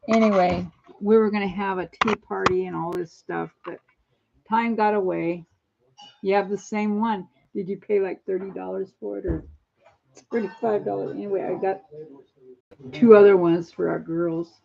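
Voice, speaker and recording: A woman's voice: medium pitch, gravelly, a little mellow. A woman in her sixties chatting at home on a phone live stream, rambling from one topic to the next. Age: 60s. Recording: dull lo-fi phone audio.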